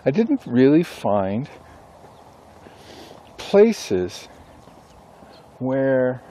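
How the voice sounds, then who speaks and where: Mellow-voiced man musing aloud. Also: mid-range voice, sing-song. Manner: musing, thinks aloud with pauses and self-corrections. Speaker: author and instructor. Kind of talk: casual rambling monologue.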